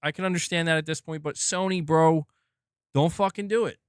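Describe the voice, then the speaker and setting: A male stream host venting in a loose, exasperated rant, full of swearing and restarts. His voice sits a little high. The sound is dry and close, with no room in it. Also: fairly even intonation, a little fast, clear, resonant tone, no echo. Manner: exasperated, profane, rambling. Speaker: host of a gaming news stream.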